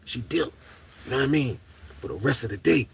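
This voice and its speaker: A man telling a comedic story in casual, slangy talk, swinging from hushed to loud. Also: medium pitch, lively intonation, fairly quick, creaky, breathy edge.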